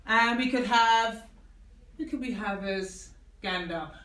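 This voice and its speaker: A woman's voice: on the high side, slow, a bit bright, recorded from a distance. A woman performing a stand-up comedy set, laughing at her own jokes and leaning on "I mean.". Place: comedy venue with live audience. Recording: echoey room recorded from afar, noisy.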